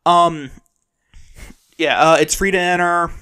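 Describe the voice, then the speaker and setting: A man's voice: fairly high pitch, steady tone, slow pace, sharp tone, clean tone. A man from the USA co-hosting a podcast in casual chat, hesitant and full of ums. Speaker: podcast co-host.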